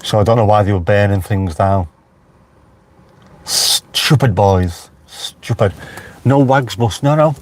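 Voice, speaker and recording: A man's voice: on the low side, fairly quick, few pauses, a little mellow. Chatty man with a Liverpool accent. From Merseyside, England. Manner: chatty, wry, talks back to live chat. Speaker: vlogger live-streaming. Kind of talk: casual live-stream chat. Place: inside a car.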